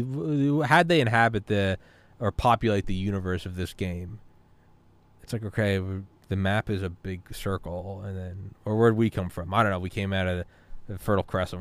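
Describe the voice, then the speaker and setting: Guy with a low voice rambling and cussing on a podcast, dry close sound. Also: no echo. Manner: rambling, profane and philosophical. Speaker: podcast talker. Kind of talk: casual podcast chat.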